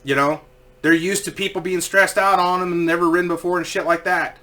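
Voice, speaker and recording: A man's voice: high voice, fairly quick. A man casually telling a story, swearing freely and acting out what people said. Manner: profane, animated, acts out quoted voices.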